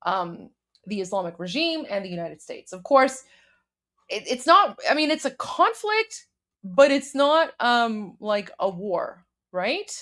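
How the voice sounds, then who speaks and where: A woman's voice: a little high, very animated, measured pace, a bit bright. A young adult woman hosting a live stream, chatting casually with viewers and commenting on news, with many fillers and restarts. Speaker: livestream host.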